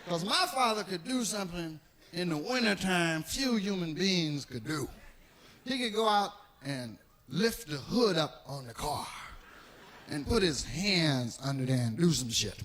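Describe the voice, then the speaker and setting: A man doing stand-up, telling stories in an animated, profane way and acting out the people in them. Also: a little high, a little slow. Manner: animated, profane, acts out characters. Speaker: stand-up comedian. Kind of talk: stand-up storytelling.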